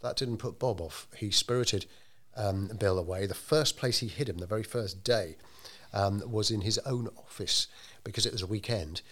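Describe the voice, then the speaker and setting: A man telling a story in an interview, measured and unhurried, with frequent ums and restarts. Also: on the low side, fairly bright tone. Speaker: interviewee telling local history. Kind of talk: conversational storytelling.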